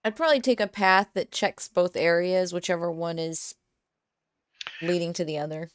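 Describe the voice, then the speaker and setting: A woman's voice: fairly low pitch, moderate pace, no echo, clean studio sound. A woman playing her character in a tabletop role-playing game, easygoing and with hesitant fillers. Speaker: player.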